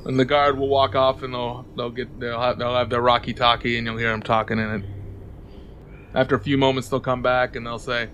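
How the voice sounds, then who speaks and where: A man's voice: medium pitch, little pitch movement, a little fast, fairly bright tone, slight background noise. A man running a tabletop game as game master, narrating loosely and often repeating his words.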